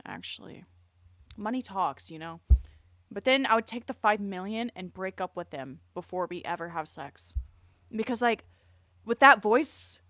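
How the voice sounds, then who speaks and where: A woman's voice: medium pitch, a bit bright, no room sound. A young woman streamer reacting live in crude, jokey, rambling casual talk full of swearing.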